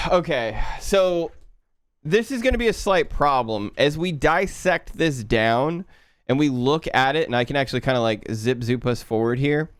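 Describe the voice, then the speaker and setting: A man with a Southern accent, explaining his build step by step to his live stream chat in a relaxed way. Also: mid-range voice, normal speed, clean tone, no echo, studio quality. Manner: relaxed, explaining, muttering to himself. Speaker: livestreaming programmer.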